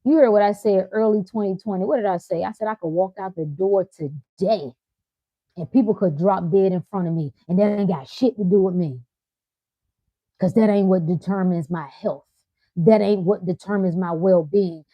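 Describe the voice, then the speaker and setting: A woman's voice: mid-range voice, normal speed, no echo, muffled recording. A woman hosting a spiritual livestream, talking in an emphatic, preacherly, colloquial way and repeating her lines for effect. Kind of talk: motivational livestream talk.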